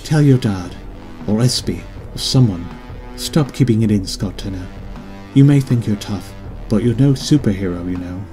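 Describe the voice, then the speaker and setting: A man's voice: on the low side, expressive, moderate pace, dark tone, faint music behind, close to an everyday voice. Man voicing a pleading, scolding mother. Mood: tender. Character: worried, insistent middle-aged mother. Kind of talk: audiobook character reading.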